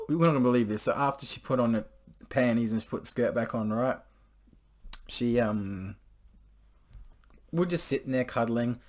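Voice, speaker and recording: A young man casually telling a story to camera, rambling and crude, full of swearing and filler words. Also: mid-range voice. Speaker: vlogger.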